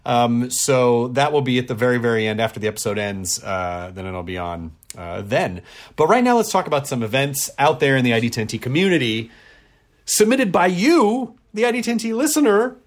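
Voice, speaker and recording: A man's voice: mid-range voice, animated, a little fast. A man hosting his own podcast, talking casually and jokingly between listener notes with plenty of filler words. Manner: chatty and jokey, frequent filler words, loose self-deprecating asides. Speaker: podcast host. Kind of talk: casual podcast monologue with listener mail and ad read.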